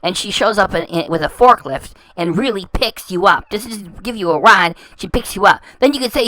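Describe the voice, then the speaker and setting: A woman's voice: medium pitch, normal speed, few pauses, fairly bright tone, dry recording, poor audio. Scornful woman mocking a clip, dry sound. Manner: scornful, insulting, stumbles and repeats words. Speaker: reaction channel host. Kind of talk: mocking commentary over clips.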